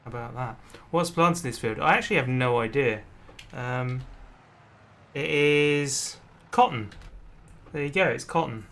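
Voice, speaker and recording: A man's voice: mid-range voice, a little slow, gravelly, fairly bright tone. A man streaming a farming game, chatting casually with friends and muttering his in-game actions to himself. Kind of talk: casual gaming chat.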